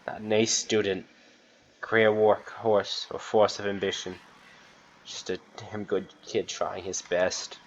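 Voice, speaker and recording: A gruff, bitter old mechanic drawls his lines in a low, coarse voice, as a man reads him out. The sound is dull and lo-fi. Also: a little hiss or hum.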